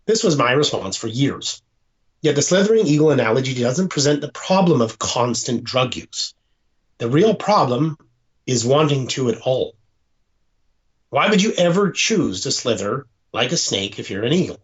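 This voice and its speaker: A man's voice: medium pitch, expressive, moderate pace. Man reading his book aloud, lo-fi. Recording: dull lo-fi sound.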